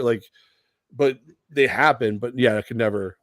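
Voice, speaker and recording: A man's voice: mid-range voice, moderate pace, long pauses, no echo, studio quality. A man co-hosting a radio sports talk show, chatting casually and acting out the voices of people he quotes, swearing now and then.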